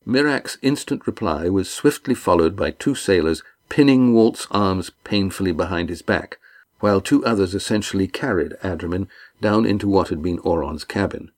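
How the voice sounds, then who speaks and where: A man narrating a novel chapter aloud in a measured, steady way. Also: low voice. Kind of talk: audiobook narration.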